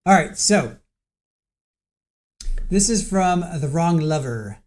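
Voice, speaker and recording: Mellow-voiced man chatting casually. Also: a little high, animated. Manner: chatty, giggly, reading aloud haltingly. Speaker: trial commentary host. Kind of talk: casual livestream commentary.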